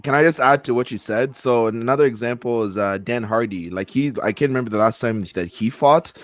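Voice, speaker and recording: A man's voice: medium pitch, brisk, dry recording. A man co-hosting a podcast in casual, slangy chat. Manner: casual, slangy, keeps saying bro.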